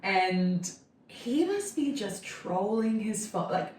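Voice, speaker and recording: A woman's voice: mid-range voice, sing-song, slow pace, darkish tone, far from the mic. A woman in her thirties telling a long, chatty story in casual conversation, with "like" all through her talk. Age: 30s. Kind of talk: casual chat. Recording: echoey room, voice off-mic.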